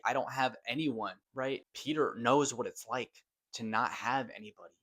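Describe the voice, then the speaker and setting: A man's voice: fairly low pitch, a bit bright. A man giving a casual spoken film review, gushing and loose, swearing now and then for emphasis. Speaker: movie reviewer.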